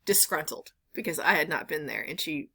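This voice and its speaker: A woman's voice: low-pitched, a little fast, bright, forceful tone, slightly rough. A woman vlogger at home, telling a rambling story in casual chat, full of "like" and "um" fillers. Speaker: reseller vlogger.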